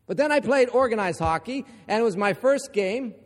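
A man from Ohio preaching a sermon, emphatic and building to forceful repeated lines. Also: high-pitched, expressive, moderate pace, in a large hall.

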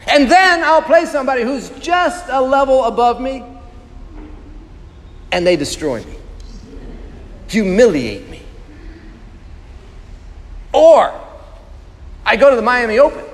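Pastor, male, high-pitched, emphatic, asks the room questions; long hall reverb. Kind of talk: sermon.

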